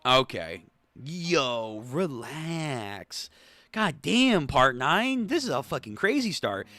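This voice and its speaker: A young adult man hosting a manga read-through, reacting excitedly, swearing and laughing often. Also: mid-range voice, slow pace, no room sound.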